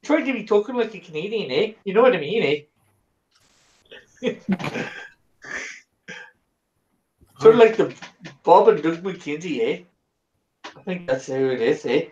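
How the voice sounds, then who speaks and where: A man's voice: sits high, lively intonation, normal speed, pauses often, a little mellow, dull audio, slight background noise, voice pushed down. A man putting on a joking Canadian voice in a sing-song way, ending his lines with "eh". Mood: goofy. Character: man doing a jokey Canadian voice.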